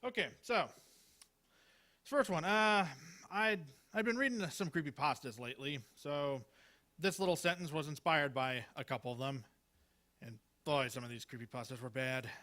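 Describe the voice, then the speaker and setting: A man reads Halloween one-liners at an open mic in a small live venue. He rambles and hesitates, stumbling over fillers and restarts. His voice has a bright, forceful edge. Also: a little high, normal speed.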